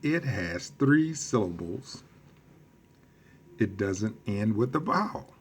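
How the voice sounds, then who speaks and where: A man teaching a recorded lesson, speaking slowly, quizzing his class and repeating key phrases for emphasis. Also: on the low side, very animated, a little hiss or hum. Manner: slow and deliberate, quizzing the class. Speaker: Spanish teacher.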